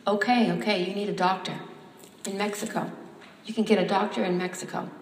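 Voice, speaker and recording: A woman reading a story aloud, voicing a brusque male policeman who barks clipped, loud commands. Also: mid-range voice, steady tone, a little fast, distant mic, close to an everyday voice. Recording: echoey hall with faint background noise.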